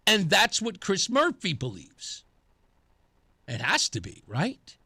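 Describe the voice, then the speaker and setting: A man's voice: sits high, slow, husky, no room sound. A man hosting a radio talk show, giving an opinionated monologue and acting out the dialogue he quotes. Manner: animated, acts out quoted dialogue; laughs at himself.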